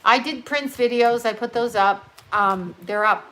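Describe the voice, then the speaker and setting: A woman's voice: on the high side, unhurried, bright, forceful tone, a little hiss or hum, rough recording. A middle-aged woman giving a casual astrology reading, chatty and rambling, swearing and laughing often, sounding tired. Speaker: psychic astrology reader.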